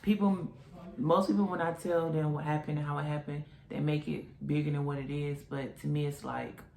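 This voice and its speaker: A woman's voice: deep voice, normal speed, vocal fry. Young woman telling a story in a roomy echo. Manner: animated retelling with quoted voices. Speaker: vlogger. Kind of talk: casual storytime.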